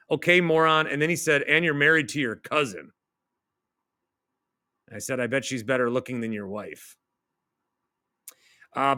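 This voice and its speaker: A man's voice: a little high, clean tone, no room sound, studio quality. Sarcastic man ranting over comments. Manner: sarcastic, animated rant. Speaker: radio host. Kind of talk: reading and mocking online comments.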